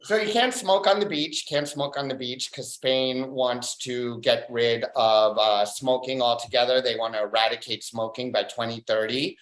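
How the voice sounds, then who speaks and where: An open mic stand-up comedian doing a dry, deadpan set on a club stage, pausing often on fillers. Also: mid-range voice. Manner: deadpan, dry one-liners with filler pauses. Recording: roomy club echo.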